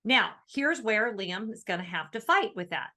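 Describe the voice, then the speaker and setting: A woman co-hosting a podcast in casual chat, animated and thoughtful as she explains. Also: medium pitch, normal speed. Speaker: podcast co-host.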